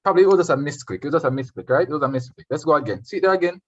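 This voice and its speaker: A man's voice: a little high, lively intonation, rapid-fire, highs cut off. A man with a Jamaican accent tutoring an online Spanish revision class, switching between English and Spanish and quizzing his students.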